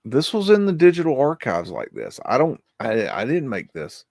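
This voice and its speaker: A man in the middle of his pitch range, rambling through a live commentary in a hesitant, easily rattled way. He trails off, restarts and mutters curses under his breath. His voice is close and dry, with no room echo. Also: huge pitch swings, normal speed, gravelly, a little mellow. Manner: swearing, muttered exclamations. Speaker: livestream host. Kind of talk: live commentary on archive photos.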